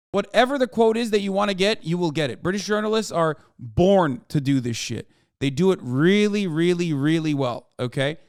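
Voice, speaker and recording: A man's voice: sits high, clear, resonant tone, no room sound, clean studio sound. A male streamer host giving blunt, profane reaction commentary in a casual, riffing way.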